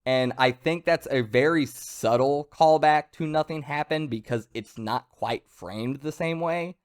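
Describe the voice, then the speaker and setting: A man's voice: a little high, measured pace, clean tone. A man giving a casual, enthusiastic spoken review of a manga chapter, chatty and full of fillers and restarts.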